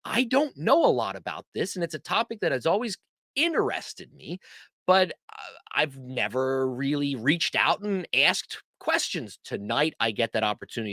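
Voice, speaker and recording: A man hosts a casual livestream, chatting in a loose, rambling way and poking fun at himself. His voice is bright and forceful. The sound is dry and close. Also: on the high side, sing-song, moderate pace, no room sound. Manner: chatty, rambling, self-deprecating. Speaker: host.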